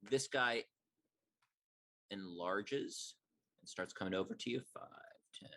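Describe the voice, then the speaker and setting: A man's voice: fairly low pitch, slow pace, fairly bright tone. A man running a tabletop game as game master, describing scenes with many fillers.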